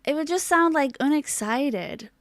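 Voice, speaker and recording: Clean studio sound with no room echo carries this young woman's live stream. Bubbly and chatty, she rambles along, swears casually, and welcomes her chat with a burst of excitement.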